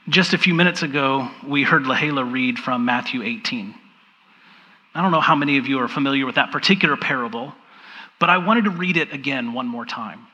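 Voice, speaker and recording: A man preaching a sermon as pastor, measured and slowing down for emphasis, then reading scripture aloud. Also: fairly high pitch, sharp tone, long reverb tail.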